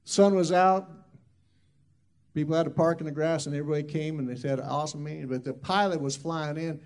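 A man's voice: fairly high pitch, steady tone, brisk, a little mellow. A man who is a minister, telling a loose, rambling testimony story full of asides.

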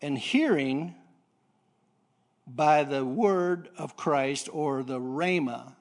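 This man's sermon starts as a story told with stumbling repeats and throat clearing, his voice sitting on the high side. It builds up into loud bursts of excitement.

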